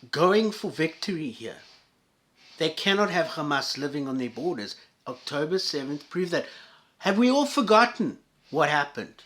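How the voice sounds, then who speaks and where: A man ranting profanely and sarcastically as a commentator reacting to videos, loud one moment and muttering the next. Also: fairly high pitch. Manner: angry, sarcastic and profane, with swings in loudness.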